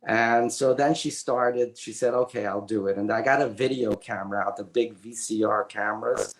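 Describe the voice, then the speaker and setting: An older man, an author and illustrator, telling a personal story as an interview guest in a halting way with many fillers and restarts. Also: mid-range voice, fairly even intonation. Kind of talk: conversational storytelling. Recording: roomy echoey audio.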